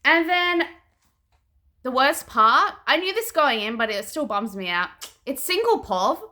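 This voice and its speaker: Animated chatty young woman reviewer. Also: high voice, measured pace. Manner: animated and chatty, heavy use of "like"; frank, swears freely. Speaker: book reviewer. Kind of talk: casual chat.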